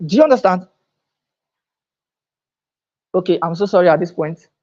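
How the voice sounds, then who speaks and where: A man's voice: high voice, lively intonation, moderate pace, a little mellow, highs cut off. A man giving a live online lecture, emphatic and repeating his key phrases. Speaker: online teacher. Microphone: own microphone, recorded on camera.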